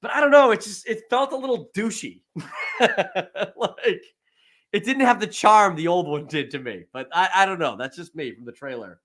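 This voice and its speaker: A man's voice: sits high, normal speed. A man hosting a casual movie podcast, chatting loosely, laughing often and acting out scenes. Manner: animated, acts out movie scenes in put-on voices, laughs often. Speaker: podcast host. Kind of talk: casual chat.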